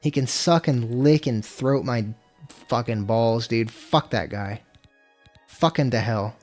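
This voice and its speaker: A man's voice: mid-range voice, slow pace, darkish tone, faint music behind. A young man streaming a video game, chatting casually in a rambling, profane way and getting easily exasperated. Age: young adult. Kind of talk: casual gameplay commentary.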